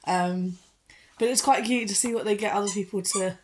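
A woman's voice: mid-range voice, moderate pace, slight background noise, low-quality recording. A woman vlogger chatting casually at home, reading out ingredient lists and giving her dog short commands, recorded on a phone. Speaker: pet vlogger unboxing dog treats. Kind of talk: casual chat while training her dog.

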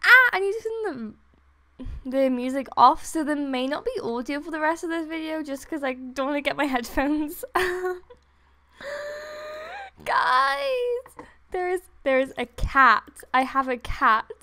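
A young woman giving casual, excitable commentary while playing a game late at night. She is tired but gushing and giggly, and often squeals. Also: sits high, normal speed. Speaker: gaming video creator. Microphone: desktop USB microphone.

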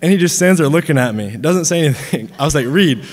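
A man's voice: a little high, quick pace, big-room sound. A man in his twenties giving a funny toast as the groom's college roommate, telling anecdotes and laughing between lines. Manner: laughing, animated anecdotes with restarts. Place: large dinner venue.

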